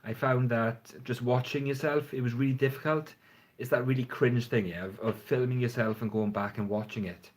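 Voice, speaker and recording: A man's voice: mid-range voice, fairly even intonation, normal speed, few pauses. A man chatting casually and frankly on a phone livestream, rambling and swearing now and then. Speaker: fragrance reviewer. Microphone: phone front camera.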